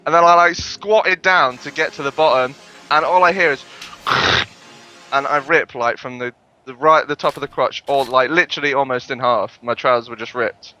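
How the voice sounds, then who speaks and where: A man's voice: mid-range voice, normal speed, bright, forceful tone. A young man, a podcast co-host telling rambling, sweary anecdotes in casual chat.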